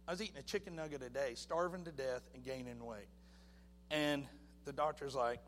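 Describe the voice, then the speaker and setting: Man giving an animated church testimony. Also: medium pitch, a little fast, long reverb tail, a little hiss or hum. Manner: animated storytelling, acting out voices. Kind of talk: personal testimony.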